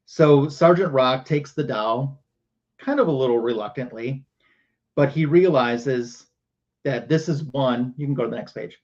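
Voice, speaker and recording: A man's voice: mid-range voice, measured pace, a little mellow, lo-fi sound. A man hosting a livestream who retells a comic book panel by panel. He talks casually and uses a lot of fillers. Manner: casual storytelling with many fillers. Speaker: show host.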